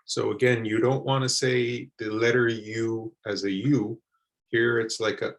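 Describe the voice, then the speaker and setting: A man teaching English pronunciation, repeating words slowly and carefully for learners. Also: medium pitch, flat delivery, rough recording. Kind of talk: slow, deliberate pronunciation lesson.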